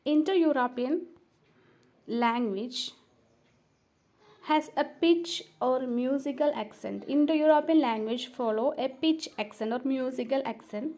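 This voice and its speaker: A woman with a high, light voice delivers a recorded lecture as a teacher. She talks hesitantly, filling pauses and going back over each point. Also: dark tone. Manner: hesitant, with frequent fillers, repeats points.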